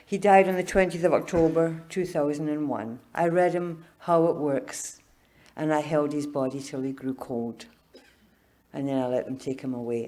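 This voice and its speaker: An older woman giving a personal testimony at a recovery meeting, telling her story with humor and laughing often, growing soft and tender on the emotional parts. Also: a bass voice, vocal fry.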